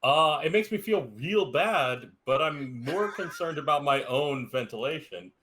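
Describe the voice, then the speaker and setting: A man playing a tabletop role-playing game, reading out his abilities quickly and joking around. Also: a little high, lively intonation, fairly bright tone, a little hiss or hum. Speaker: player. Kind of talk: casual tabletop play.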